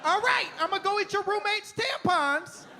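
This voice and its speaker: A man voicing an excitable, simple-minded female pet dog that keeps asking frantic, repeated questions. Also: very high-pitched, normal speed, a faint crowd, a little hiss or hum, pitched above the performer's own voice, exaggerated voice. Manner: frantic, repetitive yapping questions.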